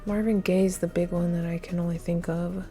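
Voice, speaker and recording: A woman's voice: fairly low pitch, little pitch movement, moderate pace, mellow, faint music behind. A woman thinking aloud while taking a timed trivia quiz, flustered and muttering, with many hesitations. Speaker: quiz video creator.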